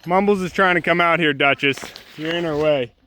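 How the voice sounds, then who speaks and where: A man's voice: a little high, fairly quick, pushed and bright, slight background noise. A man hosting a homestead vlog, coaxing his birds and dog along in a sing-song way and then explaining his farm chores plainly. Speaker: homesteader and channel host. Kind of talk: casual homestead vlog with talk to animals and explanations.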